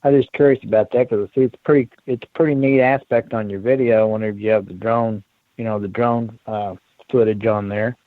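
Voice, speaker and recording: A man's voice: lowish voice, fairly even intonation, brisk, dry recording. A man calling in to a show, rambling and chuckling in a casual chat over a dull line. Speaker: caller.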